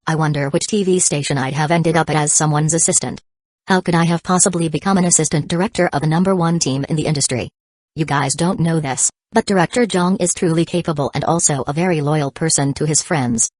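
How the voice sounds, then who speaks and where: A woman voicing a tipsy, grateful man in his thirties, read in an even, unhurried way. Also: fairly high pitch, dry recording, close to an everyday voice. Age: 30s.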